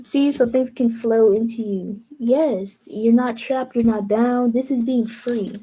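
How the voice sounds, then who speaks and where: A young woman with a mellow, fairly high voice gives a casual tarot reading. She talks slowly and thoughtfully, trailing off mid-sentence and starting over as she works through the cards. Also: husky, poor audio. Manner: slow, musing, trails off and restarts. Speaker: tarot reader.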